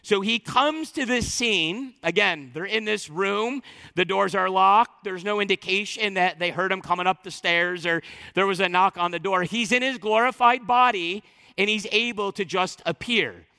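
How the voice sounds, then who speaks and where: High bright-voiced preacher man. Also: moderate pace, vocal fry, big-room sound. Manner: animated, emphatic, acts out quoted speech. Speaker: pastor. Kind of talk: sermon.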